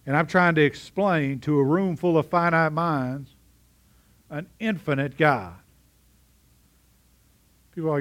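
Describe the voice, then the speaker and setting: A man's voice: fairly high pitch, slow, long pauses, a bit bright. A middle-aged man preaching a sermon in a conversational way, often asking his congregation questions. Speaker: pastor.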